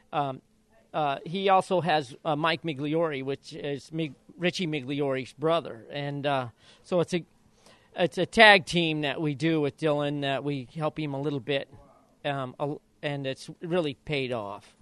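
Older man, former jockey, smooth slightly high voice, chatty storyteller who acts out quotes, dry close mic. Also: a little slow, a bit bright, dry recording. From Idaho. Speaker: retired jockey and father of jockeys. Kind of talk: casual interview storytelling.

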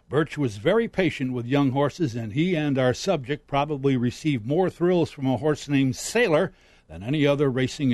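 A man's voice: medium pitch, darkish tone, no echo. A man giving a formal, stately scripted narration about racing history, close on the mic.

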